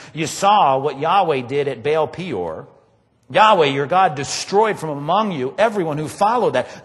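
Animated preaching man in a reverberant hall. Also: fairly high pitch. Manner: emphatic, animated preaching with rhetorical questions to the congregation. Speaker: pastor. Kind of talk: sermon.

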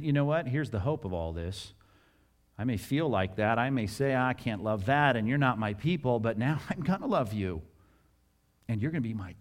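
A male pastor delivering a sermon, reading verses aloud and stopping to comment on them. His voice swings between excited, raised asides and hushed, low readings. He chuckles now and then as he talks. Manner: drops to soft, low voice for tender lines.

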